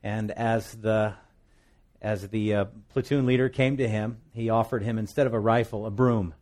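A man, a pastor from the United States, preaching a sermon, telling a joke with acted-out lines and reading scripture with emphasis. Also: moderate pace. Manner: lively storytelling preacher, acts out a joke with big pitch swings.

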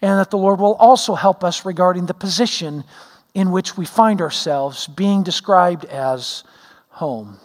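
A man's voice: high-pitched, unhurried, in a large hall. A middle-aged man, a pastor, preaching a sermon in a folksy, self-deprecating storytelling way, with many fillers. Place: church sanctuary.

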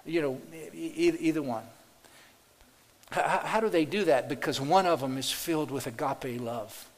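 Folksy preacher, echoing church hall. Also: male voice, a little high, moderate pace. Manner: folksy, repeats words, addresses congregation directly. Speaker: pastor. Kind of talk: sermon. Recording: long hall reverb.

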